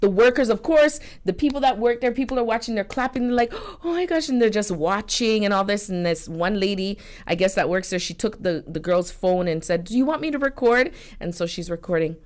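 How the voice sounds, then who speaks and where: Woman radio co-host, animated and indignant storyteller, laughs often. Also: mid-range voice, a little fast, few pauses. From Canada. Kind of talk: casual radio commentary. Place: radio studio.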